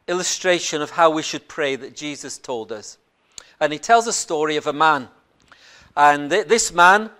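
Earnest preacher, quiet then emphatic. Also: male voice, on the high side. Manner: earnest, swings from quiet reflection to loud emphatic points; repeats and restarts words while preaching. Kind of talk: sermon.

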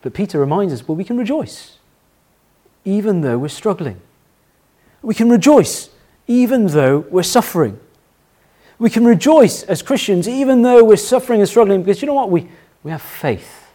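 Sermon: middle-aged pastor, lively pitch, emphatic, repeats lines. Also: male voice, normal speed, pauses often. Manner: anecdotal, emphatic, repeats key phrases.

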